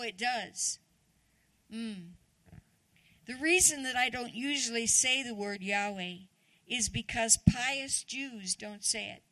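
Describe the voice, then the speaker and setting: Woman guest preacher, conversational sermon, gravelly voice, questions for the congregation, dry sound. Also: a little high, pushed and bright, no echo. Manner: chatty, asks the congregation questions.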